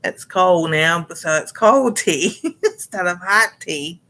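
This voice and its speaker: A woman's voice: on the low side, slow pace, sharp tone. A middle-aged woman chatting casually and rambling to viewers on a cooking livestream, greeting them and laughing often. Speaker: cooking channel host.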